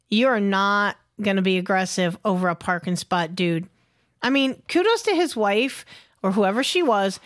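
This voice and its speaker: A woman's voice: medium pitch, dry recording, studio quality. A woman co-hosting a podcast, telling a story in a blunt, emphatic, heavily profane way. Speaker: podcast co-host.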